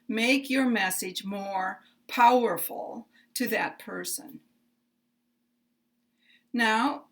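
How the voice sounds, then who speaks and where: American woman, pronunciation teacher; slow, careful, clearly enunciated delivery with deliberate pauses. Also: fairly high pitch, fairly bright tone. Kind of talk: slow, careful English lesson.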